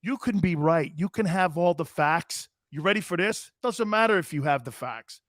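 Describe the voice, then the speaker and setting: A middle-aged man hosting a sports talk show, reading viewer comments and hollering back at them with loud, teasing laughter. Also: on the high side, expressive, moderate pace, no echo, studio quality.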